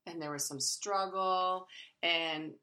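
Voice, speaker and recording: A woman's voice: on the low side, slow pace, echoey room. A woman co-hosting a podcast in casual chat, telling stories animatedly and imitating bird calls. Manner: animated storyteller, imitates owl hoots. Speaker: podcast co-host.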